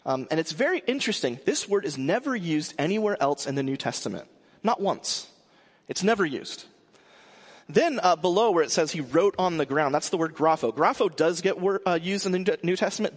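Man preaching a casual sermon in a hall. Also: fairly high pitch. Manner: conversational with frequent restarts and fillers. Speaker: pastor.

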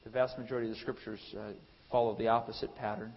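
A male pastor preaching a sermon. His voice builds to loud, emphatic peaks, then drops to quiet asides, with frequent restarts. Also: lowish voice, level tone, very fast, husky. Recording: long hall reverb, dull lo-fi sound.

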